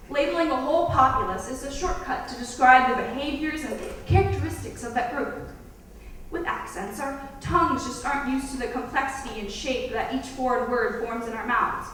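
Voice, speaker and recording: Woman student, emphatic competition speaker with a bright, high voice, heard distantly in a boomy school hall with faint noise behind. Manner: emphatic, dipping into mock accents. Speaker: student speech contestant. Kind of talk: prepared competition speech. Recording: echoey hall, voice from far off.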